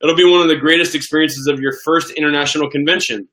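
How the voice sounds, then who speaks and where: An excitable man in his thirties chats through a live Q&A, his voice bright and forward. He doubles back on words and restarts sentences as the ideas tumble out, keeping things loose and eager. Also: on the high side, quick pace. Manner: enthusiastic, excitable, repeats words and restarts often. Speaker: host of a live question-and-answer stream. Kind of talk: casual live Q&A chat.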